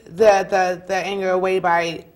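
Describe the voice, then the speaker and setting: A woman's voice: fairly low pitch, little pitch movement, measured pace. A woman hosting a casual talk show, encouraging her young guests with questions and often repeating herself.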